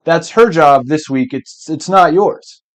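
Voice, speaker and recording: A man's voice: a little high, measured pace, close to an everyday voice. A man voicing a puzzled male office boss in a teaching skit, questioning and mildly stern.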